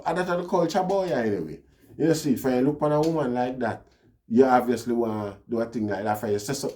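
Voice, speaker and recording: Mellow-voiced Jamaican man telling a story. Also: medium pitch. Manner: rambling, peppered with "you know, see". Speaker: vlogger. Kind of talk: casual storytelling monologue.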